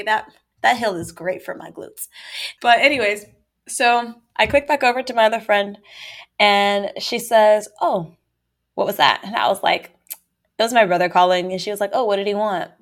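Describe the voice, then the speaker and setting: A young woman telling a story in a casual, chatty way, with quick asides and laughs between lines. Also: mid-range voice.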